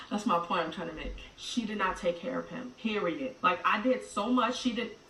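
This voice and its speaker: A woman's voice: medium pitch, moderate pace, slight background noise. Blunt woman telling a story, roomy and distant. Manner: blunt, direct, swings between loud and hushed. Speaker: vlogger telling her story. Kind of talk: emotional storytelling.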